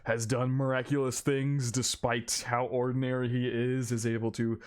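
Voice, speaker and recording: A man's voice: mid-range voice, little pitch movement, normal speed, smooth. A man hosting an anime reaction video, talking effusively and emotionally, swearing freely. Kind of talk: casual reaction commentary.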